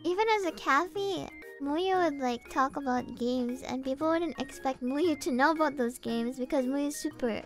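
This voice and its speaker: A woman's voice: high voice, normal speed, few pauses. A young woman streaming casually, giggling often, talking about herself in the third person and dropping a cute "mo" tic. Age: young adult. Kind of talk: casual livestream chat. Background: faint background music.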